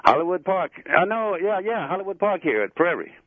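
A man's voice: high-pitched, sing-song, a little fast, dry recording. A man from the American South calling into a radio show, earnest and emphatic. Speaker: radio caller. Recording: thin phone line.

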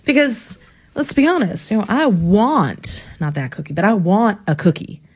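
A woman in casual, crude banter, profane and animated and quick to laugh. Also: medium pitch, breathy edge, muffled recording.

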